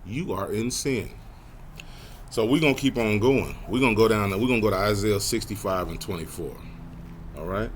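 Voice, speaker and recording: A man teaching a Bible study lesson in a casual, direct way. He slows right down to read scripture aloud, jumps up in pitch, and lets tag words trail off softly. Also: a little hiss or hum. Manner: casual, addresses listeners directly.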